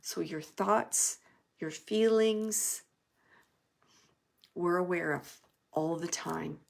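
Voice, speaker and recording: This medium has a lowish, creaky voice and draws out her words while doing a live reading for an audience. Her delivery of the messages is chatty and full of fillers, sometimes falling to a soft hush.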